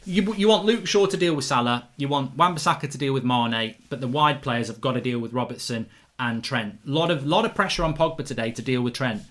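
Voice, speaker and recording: With a medium-pitched voice at a fairly quick pace, a middle-aged man runs a casual football fan stream, reading viewers' live chat comments and answering them excitably. He curses freely and keeps restarting his sentences.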